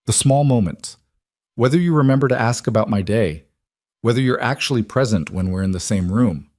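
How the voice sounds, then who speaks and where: A man voicing a wary, wounded young wife in a read-aloud story, speaking in a measured, firm way. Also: medium pitch, animated, a little mellow, dry recording, studio quality, natural voice.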